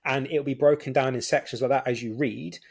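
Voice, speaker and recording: A man's voice: medium pitch, fairly even intonation, brisk, creaky, breathy edge. A man with a British accent, hosting a podcast in casual chat, explaining things eagerly and laughing often. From United Kingdom. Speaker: podcast host.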